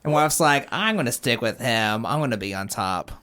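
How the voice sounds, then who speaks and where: A man's voice: mid-range voice, animated, normal speed, very noisy. A man co-hosting a podcast in a laid-back, self-mocking casual chat. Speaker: podcast co-host.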